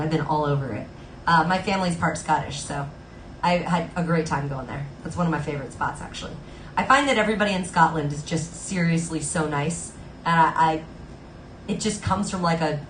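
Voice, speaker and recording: A woman's voice: low voice, reverberant, slight background noise, low-quality recording. A woman live-streaming from home, chatting casually with her viewers in a bubbly way, full of "like" fillers. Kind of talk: casual chat with viewers between songs. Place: Los Angeles home.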